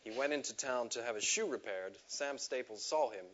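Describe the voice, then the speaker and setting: A man telling a personal story to a live audience, animated, laughing at himself and acting out the quotes. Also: medium pitch, moderate pace, highs cut off, slight background noise. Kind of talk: storytelling talk. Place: stage before a live audience.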